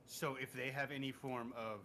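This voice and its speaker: A mid-pitched man playing a tabletop game, a little drunk and slurring slightly. He rambles and corrects himself as he recaps. A faint hiss sits behind him. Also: fairly even intonation, moderate pace, pushed and bright. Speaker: player. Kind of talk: casual tabletop game chat.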